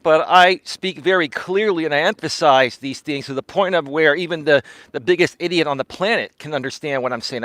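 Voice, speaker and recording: A man hosts a live stream as he walks, coaching and talking straight to his viewers. His voice sits a little high and sounds dry and close. He leans hard on words, repeats himself and keeps checking in with "right?". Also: brisk, few pauses, a bit bright, no echo. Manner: emphatic, repeats words, tags lines with "right?", laughs often. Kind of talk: casual livestream monologue. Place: walking outdoors during a live stream.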